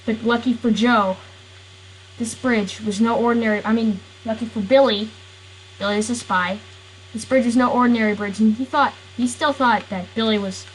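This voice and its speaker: A woman's voice: a little high, fairly even intonation, normal speed, slight background noise, rough recording. A woman improvising a silly story, rambling and giggling, and often stopping to correct herself.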